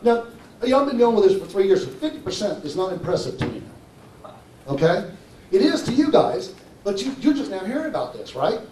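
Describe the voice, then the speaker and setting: Man pitching to a hall audience. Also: very animated, a little fast, darkish tone, a little hiss or hum. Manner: persuasive, keeps checking in with the audience. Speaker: conference presenter. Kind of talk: live conference talk. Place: conference hall. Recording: roomy hall from far off.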